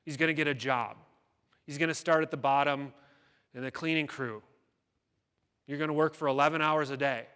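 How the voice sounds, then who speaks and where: A man's voice: a little high, fairly even intonation, moderate pace, pauses often, pushed and bright, clear, resonant tone. A man giving a keynote speech, telling a story dramatically and acting out the people in it. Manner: dramatic storytelling with quoted voices. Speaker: keynote speaker. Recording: long hall reverb.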